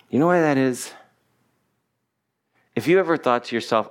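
A man's voice: medium pitch, expressive, moderate pace, long pauses. A man preaching a sermon, emphatic and repetitive, stretching out key words for stress. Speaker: pastor.

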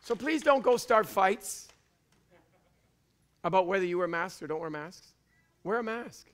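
A man from Canada with a Canadian accent, preaching a fiery sermon in church and often shouting. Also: sits high, animated, measured pace. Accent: Canadian English. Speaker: pastor. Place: church before a congregation.

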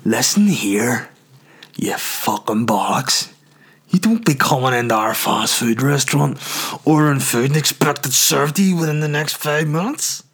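A furious older woman who runs a fast food shop, all mock politeness that snaps into cursing, as a man puts her on. She scolds customers like naughty children and swears freely. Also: mid-range voice, expressive, a bit bright, husky. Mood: scolding. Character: foul-mouthed older woman takeaway owner, irate.

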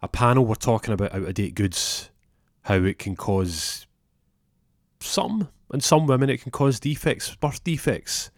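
A man's voice: medium pitch, animated, unhurried, no echo, clean studio sound, pitched above the performer's own voice. Guy doing a full-of-himself young detective, goes off on tangents. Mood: rambling. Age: 20s. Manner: pompous, rambles off topic. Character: self-important young male detective, rambling.

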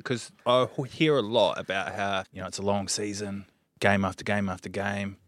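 A man's voice: on the low side, steady tone, normal speed, a bit bright, dry recording, clean studio sound. A man with a New Zealand accent hosting a podcast, asking easygoing, chatty questions. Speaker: podcast host. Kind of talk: casual interview.

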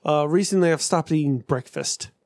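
A podcast co-host with a fairly high, slightly mellow voice chats casually at normal speed, swearing freely and laughing often. The sound is studio quality with no room sound.

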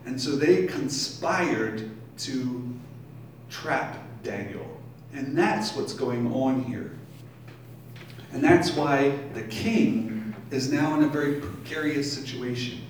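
A man's voice: mid-range voice, a little hiss or hum. Male pastor, sermon, scripture reading, very echoey room, distant mic, faint ambience. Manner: reads scripture, then pauses to explain it. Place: brewery taproom.

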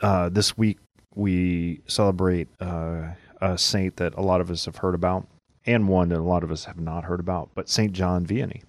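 A man with a very low voice chats casually on a podcast, wandering through his thoughts with plenty of filler words. The sound is dry and close to the mic. He talks as a co-host and husband and father. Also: steady tone, normal speed, darkish tone, dry recording. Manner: rambling, lots of "like" fillers. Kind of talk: casual chat.

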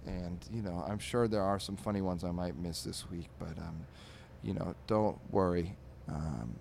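Halting low-voiced man rambling on a podcast. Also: a little mellow, a little hiss or hum. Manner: halting, full of ums and restarts. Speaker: podcast host reviewing comic strips. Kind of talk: rambling comedy podcast monologue.

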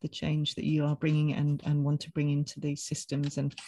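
A man's voice: on the high side, completely flat delivery, a little fast, mellow, no room sound. A male podcast host responding to a guest in a heartfelt, appreciative way. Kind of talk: casual podcast talk.

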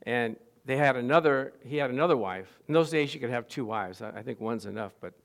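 A middle-aged man preaching a sermon, swinging between quiet asides and loud, emphatic lines and putting questions to the congregation. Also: medium pitch, expressive, brisk, vocal fry. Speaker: pastor.

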